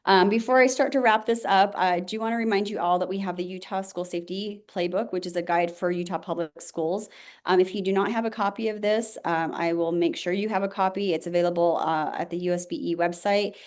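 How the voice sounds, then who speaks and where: A woman, a school safety director, briskly reporting to a board with many fillers. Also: medium pitch, steady tone, a little mellow. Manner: rapid, auctioneer-like delivery with many fillers.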